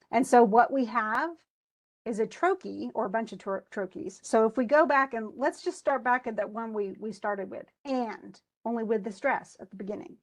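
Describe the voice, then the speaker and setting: A female English instructor with a fairly high voice lectures a class on poetic meter, reading verse aloud with heavy stresses and tapping out the rhythm in syllables. She thinks aloud with restarts and turns to students with questions.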